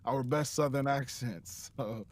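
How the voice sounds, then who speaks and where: A man from Chicago, guesting on a podcast, tells his story in halting bits full of restarts. He chuckles between phrases. His voice sits mid-range. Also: mid-range voice, a crowd in the background. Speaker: interview guest. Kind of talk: casual interview chat.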